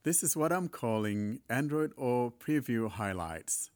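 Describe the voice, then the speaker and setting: A man hosting a casual spoken tech demo, relaxed and chatty, laughing when things go wrong. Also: mid-range voice, measured pace. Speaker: host recording a tech demo.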